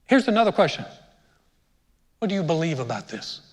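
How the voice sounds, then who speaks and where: A hoarse man preaching a conversational sermon as pastor, joking and talking straight to his congregation in a church. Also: on the high side, very animated, fairly quick. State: hoarse, sounds sick. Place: church sanctuary. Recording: long hall reverb.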